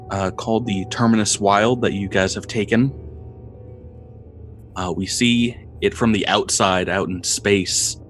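A man narrating a tabletop game as game master, describing scenes with frequent pauses and repeated words. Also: on the low side, a bit bright. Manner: descriptive, halting with fillers and repeats.

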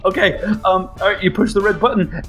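A man's voice: high voice, fairly even intonation, brisk, fairly bright tone, faint music behind. A man narrating as the game master of a tabletop role-playing game, speaking casually with many fillers and building drama.

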